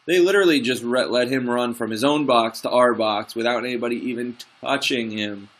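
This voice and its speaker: Bright-voiced young man calling a football game. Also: mid-range voice, a little fast. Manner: excitable, frustrated, swings from play-by-play to grumbling asides. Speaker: gamer commentating his own football management match. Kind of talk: let's play commentary.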